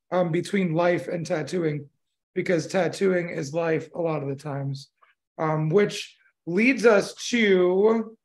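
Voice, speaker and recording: A man's voice: sits high, vocal fry, a little mellow. A man co-hosting a casual podcast, a tattoo artist talking in a laid-back, rambling way, swearing casually and laughing often. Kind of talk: casual chat.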